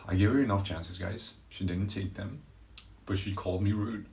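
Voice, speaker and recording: A man streaming live, telling a story in a dramatic, animated way with crude language. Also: lowish voice, moderate pace, vocal fry, roomy sound. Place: outdoors on a walk.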